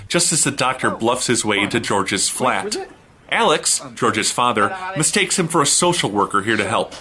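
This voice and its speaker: A man hosting a comedy review show, giving a snarky, deadpan recap narration. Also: mid-range voice, slightly rough.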